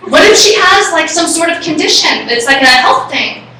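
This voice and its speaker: A woman giving a live talk to an audience and telling a personal story in an excitable, animated way. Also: sits high, normal speed, a little hiss or hum. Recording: echoey room, far from the mic.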